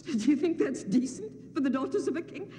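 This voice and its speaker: An actress playing an older nurse in a film drama, scolding and doting by turns with a fretful, sing-song lilt. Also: female voice, high-pitched, animated, brisk, warm tone, big-room sound. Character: fussy old nurse, scolding yet doting.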